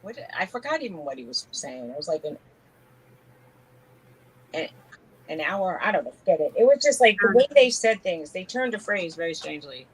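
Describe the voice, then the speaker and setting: A woman's voice: fairly low pitch, big pitch swings, a little fast, long pauses, breathy edge, low-quality recording. A woman from New York with a New York accent, co-hosting a casual live-stream chat and telling stories between laughs. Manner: chatty, laughs often, tells stories. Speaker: co-host.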